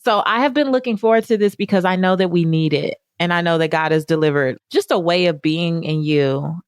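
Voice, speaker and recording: A woman hosts her podcast in a slightly low voice. She gushes with eager, rambling enthusiasm. The sound is close and dry. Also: a little fast, clean tone, dry recording. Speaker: podcast host. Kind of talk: podcast intro and interview chat.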